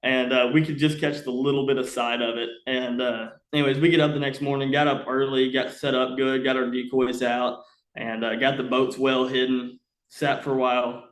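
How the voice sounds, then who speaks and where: Young man, podcast guest, casual animated storyteller, mid pitch, echoey room. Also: moderate pace. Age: young adult. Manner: rambling, animated, many "uh" fillers. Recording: roomy echo.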